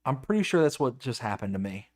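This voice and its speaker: A man's voice: medium pitch, big pitch swings, fast. A man co-hosting a casual live stream, stammering and exasperated as he reacts and reads chat comments aloud. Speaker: livestream co-host.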